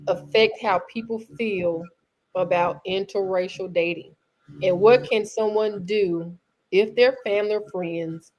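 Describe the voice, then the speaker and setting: A woman hosting a podcast who reads a listener question aloud and answers with short affirmations. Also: mid-range voice. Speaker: podcast host. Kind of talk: casual podcast conversation.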